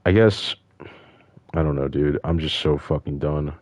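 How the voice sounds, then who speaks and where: A man's voice: extremely low pitch, a little slow, darkish tone, dry recording. An upset man from the United States ranting in frustration and swearing constantly. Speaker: vlogger. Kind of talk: angry casual rant.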